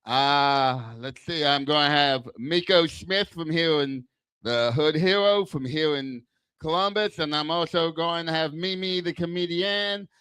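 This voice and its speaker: An older man with a lisp tells crude, self-mocking jokes at a bar open mic. His voice is smooth and a little high for a man. The sound is dry and close on a handheld mic. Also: unhurried, pushed and bright, no echo. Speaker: stand-up comic. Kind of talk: stand-up set at an open mic. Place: small bar club. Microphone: handheld stage mic.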